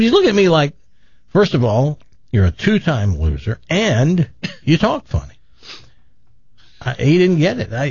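Animated older man telling a story. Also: mid-range voice, husky, no echo, lo-fi sound. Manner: animated, self-deprecating, acts out quoted voices. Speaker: guest telling his life story. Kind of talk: casual storytelling.

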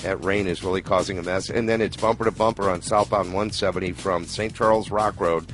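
A man giving a matter-of-fact radio traffic report, briskly listing crashes and slowdowns. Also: deep voice, steady tone, fairly bright tone, soft background music.

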